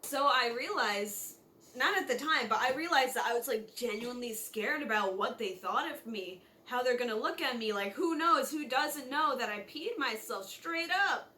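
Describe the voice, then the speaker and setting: A woman's voice: fairly high pitch, moderate pace, a little hiss or hum. A young woman telling a personal story as a casual vlogger, chatty and full of fillers, acting out what people said. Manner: chatty, filler-heavy, acts out quotes in lively voices.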